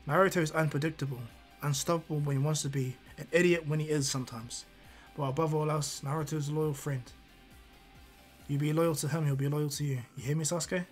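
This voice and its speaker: Man, storyteller, rambling, filler-heavy, slightly high voice, faint background music. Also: fairly even intonation, a little fast. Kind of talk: improvised fan fiction narration.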